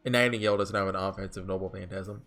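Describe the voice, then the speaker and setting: A man's voice: low voice, steady tone, quick pace, a bit bright, faint music behind. A man in casual gameplay commentary, rambling with lots of fillers and restarts. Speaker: game streamer.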